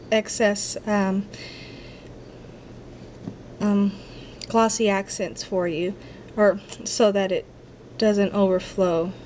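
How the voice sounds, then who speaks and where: A woman's voice: medium pitch, slight background noise. Chatty woman talking through a craft. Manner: chatty, talks to herself while crafting, apologetic. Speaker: craft tutorial maker. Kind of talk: casual crafting tutorial.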